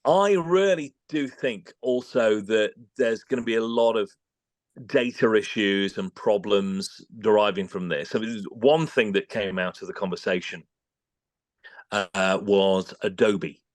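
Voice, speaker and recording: An English voice-over artist speaks in an unhurried, lowish voice during casual interview chat, his British accent clear and with no room sound. He animatedly acts out studio exchanges, giving each quoted person a voice.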